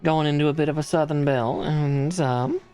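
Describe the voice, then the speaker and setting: A man's voice: on the high side, fairly even intonation, normal speed, dark tone, soft background music. Chatty man streaming a model build. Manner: chatty, laughs often, reads out part numbers. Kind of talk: casual live-stream chat.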